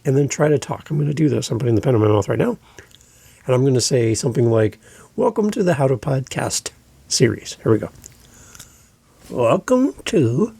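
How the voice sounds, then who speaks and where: A man hosting a podcast, giving deliberate instructional advice into a close microphone and repeating his key points. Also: medium pitch, creaky, mellow, breathy edge, dry recording. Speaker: podcast host and coach.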